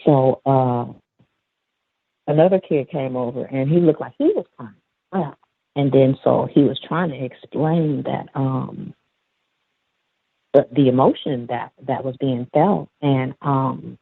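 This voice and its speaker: A man calling in, telling a story from his school job in a rambling, halting way with many fillers. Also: medium pitch, no room sound. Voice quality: gravelly, husky. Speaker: caller, school aide. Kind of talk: casual storytelling. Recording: dry, tinny phone line.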